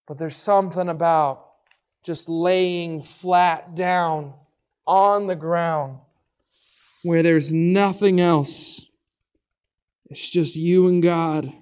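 A man's voice: high voice, slow pace. A man giving an earnest devotional Bible teaching, stressing his points through emphatic repetition. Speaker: preacher.

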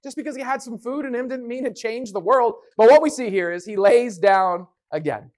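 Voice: medium pitch, fairly quick, a little mellow. Emphatic preacher acting out quotes. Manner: emphatic, acts out voices in quotes. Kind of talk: sermon with Bible reading.

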